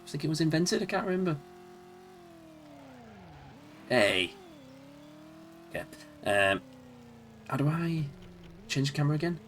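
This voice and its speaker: A man's voice: fairly high pitch, big pitch swings, moderate pace, fairly bright tone, slight background noise. A man from Leeds with a Yorkshire accent, rambling and chuckling to himself as he plays and streams old games. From Leeds, England. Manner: rambling, chuckling, talks to himself while playing. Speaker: game streamer. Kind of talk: casual live-stream commentary.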